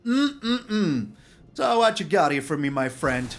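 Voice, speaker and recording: A man giving excitable gameplay commentary on a card game, exclaiming and repeating words for emphasis. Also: on the high side, slow pace. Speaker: streamer playing a card game.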